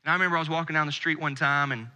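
A man in his thirties from the United States preaching a sermon with earnest intensity, dropping to a hush on key phrases. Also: a little high, fairly even intonation, rapid-fire. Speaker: pastor. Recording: long hall reverb.

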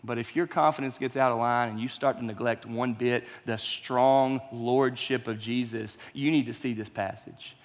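A man's voice: mid-range voice, steady tone, normal speed, hardly any pauses, long reverb tail. A man preaching a sermon as pastor, conversational and emphatic, with frequent rhetorical questions.

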